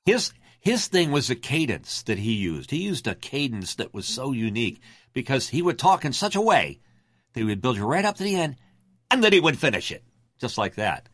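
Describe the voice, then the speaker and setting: An older man who works as a radio announcer and voiceover artist, from Delaware, talking in a deep, resonant announcer voice with lots of fillers. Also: big pitch swings, a little fast, a bit bright, no echo. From Delaware, USA. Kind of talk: casual interview.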